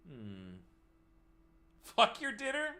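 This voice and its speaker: A young male streamer tells a story to his live chat. His voice is bright and pitched a little high, and it swings widely as he laughs and swears his way through. The delivery is casual and animated. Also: slow pace.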